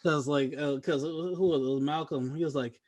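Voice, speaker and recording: A man's voice: on the high side, steady tone, fast, darkish tone. A man co-hosting a podcast, chatting casually about movies and joking as he mimics the people in the films. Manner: joking, mimics characters in quotes. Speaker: podcast co-host. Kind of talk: casual movie review chat.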